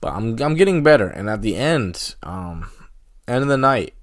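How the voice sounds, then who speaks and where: A man's voice: medium pitch, sing-song, moderate pace, no room sound, clean studio sound. A young man hosting a solo podcast, telling a story casually with lots of fillers and laughing at himself. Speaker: podcast host.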